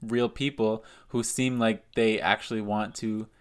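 A man co-hosting a podcast from Canada, chatting casually in a relaxed, matter-of-fact way. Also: fairly low pitch, a little slow, smooth. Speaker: podcast co-host. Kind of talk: casual chat.

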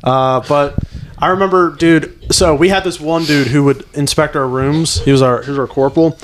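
A man in his twenties, a former Marine, telling profane, animated stories in casual chat. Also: a little high, normal speed.

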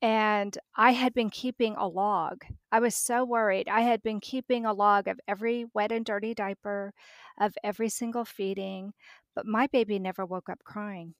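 A woman's voice: mid-range voice, steady tone, normal speed, no room sound, studio quality. A middle-aged woman, a podcast guest, telling a personal story vividly and acting out the dialogue.

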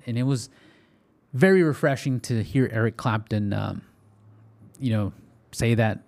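A man's voice: mid-range voice, lively intonation, moderate pace. Man, podcast host, loose conversational delivery, reads articles aloud with slips. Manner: chatty, reads articles aloud and stumbles on words. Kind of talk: casual podcast monologue.

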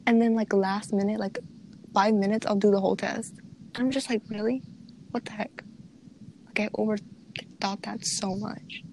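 A young woman in her late teens, a student, chatting casually and quickly, with lots of fillers and acted-out quotes of what others said. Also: mid-range voice, steady tone, a little mellow, a little hiss or hum, poor audio. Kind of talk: casual chat.

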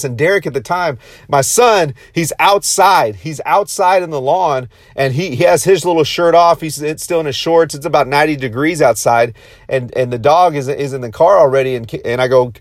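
Excitable guy vlogging a wild story, kinda high voice, super dry sound, keeps repeating himself. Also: brisk, no room sound. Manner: intense, repetitive, restarts phrases. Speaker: motivational vlogger.

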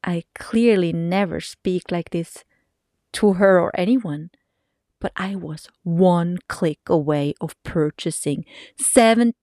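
Slow, expressive woman podcaster telling a story. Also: mid-range voice, dry recording, studio quality. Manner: expressive, laughing, dips into hushed whispers. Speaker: podcast host.

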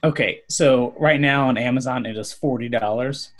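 A man's voice: medium pitch, normal speed, a bit bright, low-quality recording. A man in casual chat, wry, leading the conversation along.

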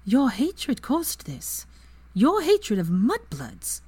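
A woman voicing a fierce, clever young witch in a fan story reading, pitched higher and louder than her narration. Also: very animated, brisk.

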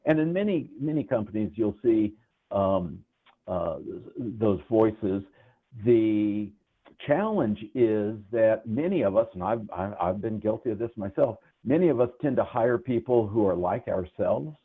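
A man's voice: lowish voice, unhurried, breathy edge. Older man on a tinny call line. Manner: relaxed, rambling with many fillers. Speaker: guest economist and writer. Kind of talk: casual interview talk.

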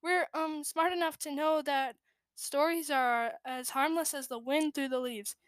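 A nervous young male fox kit who leads his litter, hesitant and stammering, his voice cracking, as a woman reading a storybook puts him on. He sits a bit high in pitch. The recording is dry and close. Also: steady tone, a little slow, dry recording.

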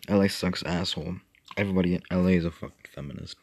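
Low gravelly young man rambling. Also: rapid-fire. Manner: rambling, profane, mumbling asides. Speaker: streamer. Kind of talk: casual rambling livestream chat.

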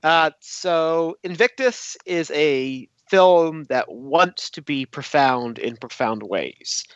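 Deadpan man on dull call audio. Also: on the high side, no echo. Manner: deadpan, joking, measured. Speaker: podcast co-host. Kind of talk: casual podcast chat. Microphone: video call.

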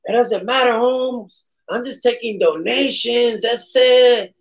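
A man's voice: very high voice, slow, vocal fry, voice pushed up, heavily acted. A man voicing a brash young male street hustler, slangy and pushy. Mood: hustling. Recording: dull lo-fi sound.

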